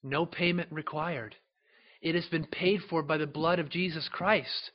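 A man preaching a sermon as a pastor, emphatic and slowing down to stress scripture. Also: fairly high pitch, fairly even intonation, dull audio.

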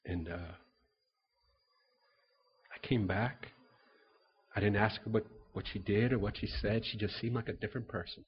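A man's voice: on the low side, normal speed, long pauses, breathy edge, highs cut off. A man preaching a sermon, telling personal stories in an earnest way, repeating words and acting out conversations. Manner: earnest storytelling, repeats words, acts out dialogue.

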